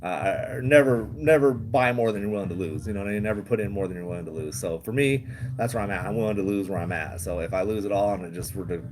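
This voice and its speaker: A man's voice: low-pitched, fast, background noise. A man hosting a casual livestream, rambling, chuckling often and swearing freely. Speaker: livestream host.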